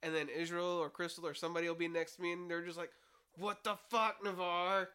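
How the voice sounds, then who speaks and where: A young man chatting with friends, quick to crack a joke. His voice is high and bright. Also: flat delivery, smooth. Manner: joking, chiming in. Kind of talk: casual chat.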